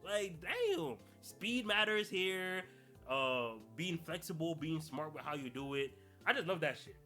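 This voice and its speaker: A man's voice: fairly high pitch, unhurried, bright, forceful tone, soft background music. A young adult man hosting a podcast, talking in casual, slangy solo commentary and laughing through his rants. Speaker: podcast host.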